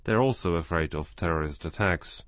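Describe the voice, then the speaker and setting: A man narrating a scripted radio news feature as the reporter, reading in an even, measured way. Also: sits low, no echo.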